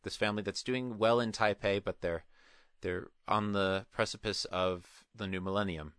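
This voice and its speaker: A man with a lowish, bright and forceful voice talks through a film in a casual podcast chat. He circles back, restarts and piles on qualifiers as he goes. The sound is dry and close. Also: fairly even intonation, normal speed, clean tone, dry recording. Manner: rambling, many restarts and qualifiers. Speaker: podcast co-host.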